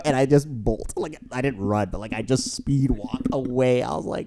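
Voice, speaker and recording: A man's voice: mid-range voice, sing-song, brisk, few pauses, mellow. A young man co-hosting a podcast, telling stories in a rambling casual way with many fillers. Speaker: podcast co-host. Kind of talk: casual storytelling chat.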